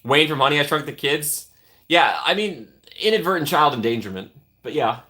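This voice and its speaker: Bright-voiced man chatting on a stream. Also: a little high, expressive, moderate pace. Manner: chatty, reacting to viewer comments with playful teasing. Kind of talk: casual live-stream chat.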